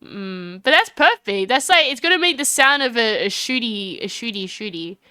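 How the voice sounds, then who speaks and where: A woman's voice: on the high side, lively intonation, normal speed, pushed and bright, clear, resonant tone, no echo, studio quality. Bubbly woman streamer's playthrough chatter. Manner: chatty and giggly, talks to chat. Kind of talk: casual let's-play commentary.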